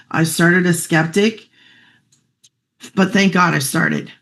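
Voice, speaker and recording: A heartfelt middle-aged woman telling her own story in a quick, chatty way. Her voice sits at an ordinary pitch, and at moments she fights back tears before pushing on. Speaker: guest sharing her story. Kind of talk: emotional personal testimonial.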